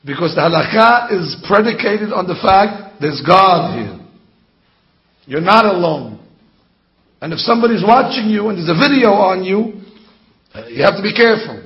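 High-voiced rabbi teaching with mocking questions. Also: male voice, moderate pace, pauses often. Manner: animated, mocking rhetorical questions. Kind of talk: Torah class sermon. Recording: dull lo-fi sound.

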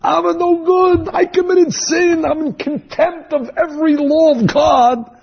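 A man voicing a frantic, guilt-stricken penitent who shouts his self-reproach in a raspy voice. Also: high voice, sing-song, a little slow, in a large hall, highs cut off, pitched above the performer's own voice, exaggerated voice. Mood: frantic, anguished. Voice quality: raspy, gravelly. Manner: shouting, anguished.

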